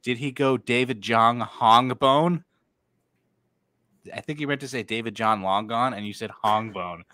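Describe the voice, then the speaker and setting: A man co-hosting a podcast in casual chat, loud and excitable, laughing and swearing often. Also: medium pitch, unhurried. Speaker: podcast co-host.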